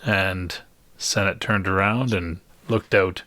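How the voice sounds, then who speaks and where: Male GM, low voice, unhurried wry delivery, dry close mic. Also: fairly even intonation, sharp tone, no echo. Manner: slow, wry narration with puns and laughs. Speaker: game master. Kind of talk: narrating a tabletop game.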